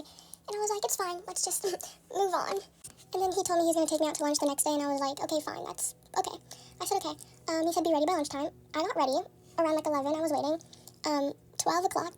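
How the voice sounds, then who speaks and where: Soft-spoken quick young woman. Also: extremely high pitch, slight background noise. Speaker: storyteller. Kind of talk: casual storytime monologue.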